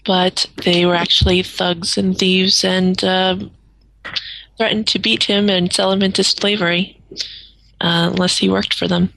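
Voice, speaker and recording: Giggly gravelly-voiced woman player. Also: lowish voice, flat delivery, measured pace, a bit bright, poor audio. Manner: giggly, apologetic. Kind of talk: casual tabletop role-play.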